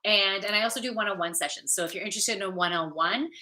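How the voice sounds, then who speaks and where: Talking fast in a mid-range voice with a bright, forceful tone, this woman from Ontario, Canada greets livestream viewers by name. She works as a yoga teacher and intuitive reader and keeps things upbeat, chatty, and casual.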